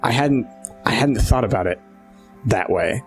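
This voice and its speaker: A man running a tabletop game and talking in character, halting and full of fillers. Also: mid-range voice, lively intonation, soft background music. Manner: hesitant, filler-heavy, halting speech. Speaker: game master. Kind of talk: tabletop role-play.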